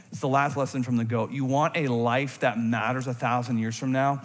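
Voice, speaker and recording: A man preaching a sermon in a church, animated, moving between intense emphasis and quiet reflective moments. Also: mid-range voice, a little fast, hardly any pauses. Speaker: pastor. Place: church sanctuary. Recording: long hall reverb from a church sanctuary.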